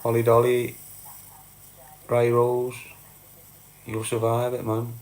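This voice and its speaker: A man's voice: mid-range voice, monotone, slow, darkish tone. A Scouse man from Liverpool, middle-aged, reading his chat live and answering viewers bluntly, calling everyone lad and mate.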